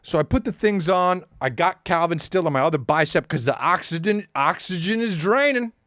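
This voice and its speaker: A man in his thirties, a podcast host, telling a comedic story in a profane, animated rant full of repeated words and sound effects. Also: on the high side, normal speed, no echo, clean studio sound. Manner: acts out sounds and quotes.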